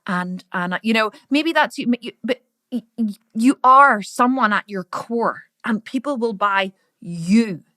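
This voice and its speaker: A middle-aged woman with an Irish accent giving a loud, brash business training talk, swearing freely. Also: on the high side, a little slow, no room sound, clean studio sound. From Ireland. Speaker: business coach.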